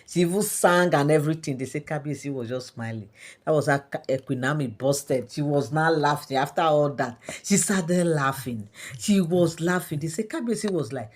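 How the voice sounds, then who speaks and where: A woman's voice: low-pitched, moderate pace. A Nigerian woman narrating royal gossip to her viewers in a chatty way, with many fillers and asides. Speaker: gossip storyteller.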